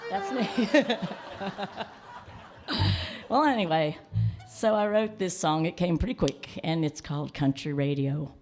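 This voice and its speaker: A woman's voice: sits low, unhurried, long pauses, a little mellow. A woman country singer chatting on stage between songs at a live radio show, telling stories with a laugh. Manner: self-deprecating, laughing storyteller. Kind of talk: stage banter and live singing. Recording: live concert broadcast with band music.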